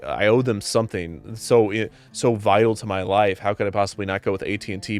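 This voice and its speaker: A man hosting a comedic commentary show, ranting in an exasperated, sarcastic way. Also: fairly low pitch.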